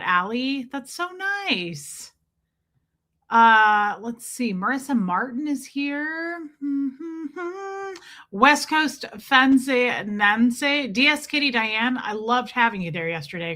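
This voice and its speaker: A middle-aged woman running a solo livestream, greeting her viewers one by one in a loose, affectionate chat. Her voice is bright and a touch high. She teases herself, calls people babe and girl, and drops the odd mild curse. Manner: self-deprecating, laughs often, bits of mild swearing. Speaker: livestream host.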